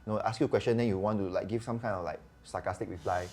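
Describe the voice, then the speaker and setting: A man's voice: on the low side, racing. A man with a Singaporean English accent, a doctor guest telling stories in a casual chat, acting out the dialogue as he goes. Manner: chatty, animated, acts out quoted dialogue. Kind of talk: casual podcast storytelling.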